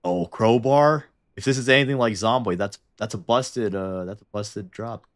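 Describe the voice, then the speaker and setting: Speaking at a normal pace in a lowish voice, a Canadian man with a Canadian accent chats casually while streaming a game. He laughs frequently and swears whenever something startles him.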